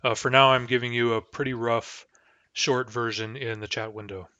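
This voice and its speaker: A man's voice: mid-range voice, fairly even intonation, sharp tone, no echo. Male teacher explaining grammar over a video call, hesitant, many restarts, slightly dull sound. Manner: thoughtful, halting with many fillers and restarts. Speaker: linguistics teacher. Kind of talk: online lecture.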